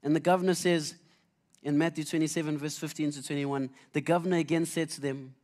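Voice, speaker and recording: A man's voice: on the high side, flat delivery, brisk, darkish tone. A man preaching a conversational sermon, telling Bible stories earnestly with frequent restarts.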